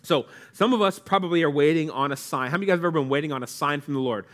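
A man preaching a sermon in a relaxed, conversational way, asking the congregation questions and acting out quoted lines. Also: a little high, racing. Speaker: pastor.

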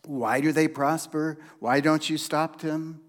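Slow, deliberate man preaching in a hall. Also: fairly high pitch, fairly even intonation. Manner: slow, deliberate preaching with dramatic pauses and hushed emphasis. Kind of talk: sermon. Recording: long hall reverb.

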